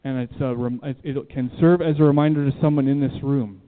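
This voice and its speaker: A man with a medium-pitched voice preaches fairly quickly and with fairly even intonation to a room in a church. Emphatic, he repeats key phrases and asks the listeners questions. The recording is tinny, phone-like, and heavy with long reverb.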